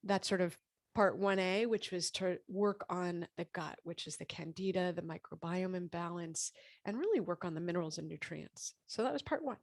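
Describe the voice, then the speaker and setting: A woman in her fifties telling her health story as a podcast guest, animated and lively, acting out what people said. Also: on the low side, normal speed, no room sound. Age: 50s. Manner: animated, acts out quoted dialogue. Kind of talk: casual interview storytelling.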